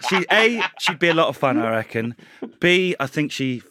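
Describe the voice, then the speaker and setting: A man's voice: on the high side, very animated, normal speed, bright, forceful tone, a little hiss or hum. A man, co-hosting a casual chat and rambling through his thoughts with many restarts. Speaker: podcast co-host.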